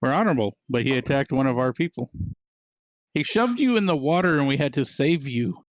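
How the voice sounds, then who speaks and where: A man's voice: mid-range voice, sing-song, brisk, dry recording, lo-fi sound. A man playing a tabletop game, speaking earnestly in character with some stumbling. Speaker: player. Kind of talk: casual tabletop play with in-character speech.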